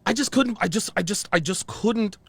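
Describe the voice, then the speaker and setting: A man's voice: sits high, moderate pace, husky, no echo. A man hosting his channel, telling a story in a heated, profane way and repeating himself often. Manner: profane, repetitive, worked-up. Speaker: channel host.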